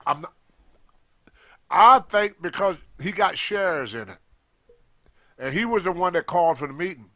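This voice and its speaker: A man telling a story in casual talk, animated and acting out the voices of the people in it, with loose grammar. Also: high voice, normal speed, long pauses. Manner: animated, acts out others' voices in his stories, loose grammar. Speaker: guest storyteller, former wrestler.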